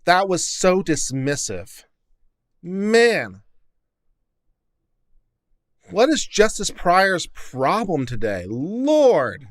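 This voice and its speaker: A man's voice: high voice, sing-song, extremely slow, pauses often. A man hosting a reaction show, giving casual commentary in a sarcastic, incredulous rant. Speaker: host reacting to court audio.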